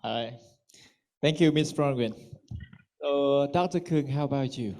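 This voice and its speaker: A man hosts a speech contest in a mellow, mid-pitched voice. He speaks slowly and hesitantly, filling pauses with "um." He talks in the friendly way of a master of ceremonies. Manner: slow and hesitant, with many fillers. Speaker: contest host.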